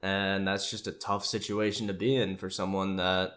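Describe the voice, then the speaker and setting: Rambling, sarcastic man with a low voice. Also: flat delivery, moderate pace, fairly bright tone. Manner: rambling, sarcastic, swears freely. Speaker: commentator. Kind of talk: casual reaction commentary.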